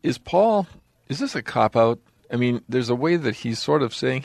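A man's voice: mid-range voice, expressive, normal speed, creaky, darkish tone, dry recording, clean studio sound. A man co-hosting a theological discussion, chiming in with brief agreements and probing questions. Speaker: co-host. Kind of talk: conversational questions.

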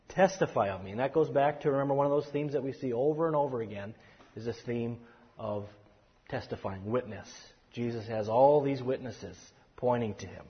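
A man leads a Bible study in an earnest teaching voice, restarting phrases and leaning hard on key words. His voice is slightly husky. The recording is dull and lo-fi, with long reverb from a hall. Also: mid-range voice, a little fast. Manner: earnest, with frequent restarts and emphatic stresses.

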